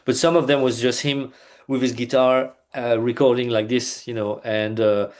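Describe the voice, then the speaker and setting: A man's voice: mid-range voice, little pitch movement, moderate pace. Chatty man rambling over a video call. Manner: chatty and loose, many fillers and restarts. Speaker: band bassist, interview guest. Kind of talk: casual interview chat.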